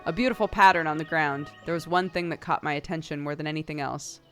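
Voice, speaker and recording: A woman's voice: deep voice, fast talker, soft background music. A young woman streamer reading a narrative game aloud, breaking off for playful, laughing asides.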